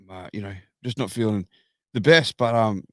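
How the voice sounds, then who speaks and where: Aussie guy co-hosting, rambly and swearing, low voice, dry mic. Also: normal speed, no room sound. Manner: easygoing, rambling, profane. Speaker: podcast co-host. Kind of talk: casual chat.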